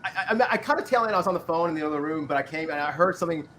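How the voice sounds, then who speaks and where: A man guest on a livestream panel, chatting quickly in an apologetic, chatty way over a remote call mic. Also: a little high, lively intonation, a bit bright, a little hiss or hum. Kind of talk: casual livestream panel chat.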